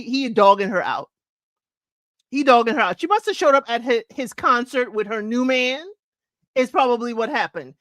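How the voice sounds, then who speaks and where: A woman's voice: sits high, a bit bright, no room sound. Chatty woman with a dry close sound. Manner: chatty, laughing, half-sings song lines. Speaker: podcast host. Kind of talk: casual chat reviewing old chart songs.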